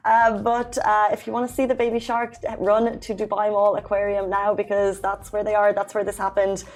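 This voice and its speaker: A young woman co-hosting a casual talk show, bubbly and emphatic, quick to agree with her co-host. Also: mid-range voice, monotone, slight background noise.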